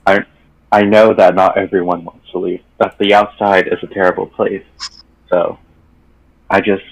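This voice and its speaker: A man with a very low voice narrates his turn in a tabletop storytelling game. He speaks slowly and haltingly, thinking aloud. The recording sounds dull and muffled. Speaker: player.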